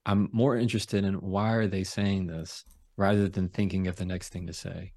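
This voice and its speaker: A man with a deep voice, a trial lawyer speaking as a guest over a video call, talking slowly, calmly and deliberately. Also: no room sound. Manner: slow, calm, deliberate delivery. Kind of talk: casual interview talk.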